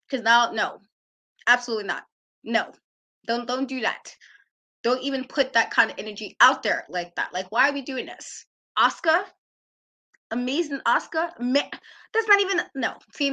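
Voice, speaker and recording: A woman co-hosting a wrestling talk show, ranting in an animated, exasperated way and laughing often. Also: on the high side. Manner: emphatic repetition. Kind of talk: casual podcast rant.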